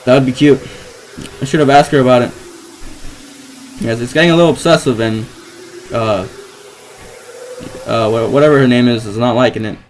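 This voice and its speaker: Young guy reading a visual novel out loud, mid pitch, lots of um and like, keeps restarting his sentences. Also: moderate pace, long pauses, slight background noise, poor audio. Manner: hesitant, filler-heavy, restarts often. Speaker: gamer playing a visual novel. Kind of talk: reading game text aloud with rambling commentary.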